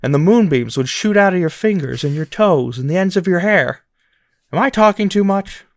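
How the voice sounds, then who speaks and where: An eager, earnest young suitor, as a man puts him on for fun, his voice pushed up high and loud as he rambles on excitedly. It sounds close and dry, with no room around it. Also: moderate pace, no echo. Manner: raised, excited, rambling delivery. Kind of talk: comic movie impression.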